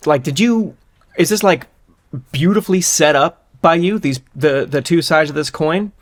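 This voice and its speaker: A man's voice: a little high, moderate pace. A man co-hosting a podcast, reasoning through a hypothetical in casual, rambling chat with a wry edge. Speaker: podcast co-host.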